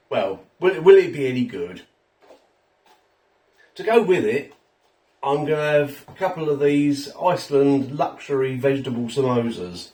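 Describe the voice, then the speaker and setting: A man's voice: medium pitch, a little mellow, reverberant, far from the mic. A man reviewing a ready meal at home, chatty and self-mocking, a little tipsy after a few drinks. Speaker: food reviewer. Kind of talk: casual food review vlog. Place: home kitchen.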